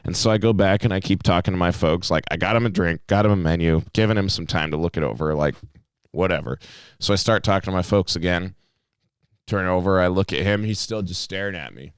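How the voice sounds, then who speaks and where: A man co-hosting a podcast, telling a profane, animated bartending story in casual chat. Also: sits low, fairly quick, smooth, no room sound.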